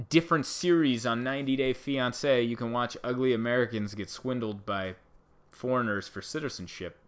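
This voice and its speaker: Male comic, mid-pitched, riffs sarcastically in a loose, rambling vlog monologue. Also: moderate pace. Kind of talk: casual comedic monologue to camera.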